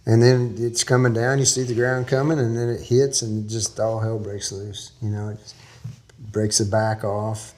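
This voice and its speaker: A man's voice: lowish voice, flat delivery, moderate pace, darkish tone. A man from Texas, a guest in an interview, telling a long story in a folksy, rambling way with small laughs.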